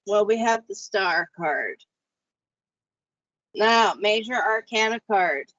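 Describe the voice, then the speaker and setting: A woman's voice: fairly bright tone, dry recording. Dry-sounding woman host reading tarot. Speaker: host and psychic reader. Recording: muffled low-fi audio.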